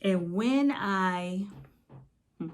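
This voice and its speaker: A middle-aged woman life coach reflecting on her faith and reading her journal prayers, slow and confiding, her voice sinking to a whisper at times. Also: mid-range voice, animated.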